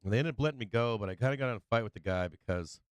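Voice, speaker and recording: A man's voice: medium pitch, rapid-fire, clean tone, no echo. A man hosting a live stream who tells stories in a loose, rambling, profane way, restarting sentences and laughing as he goes. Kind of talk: casual rambling storytelling.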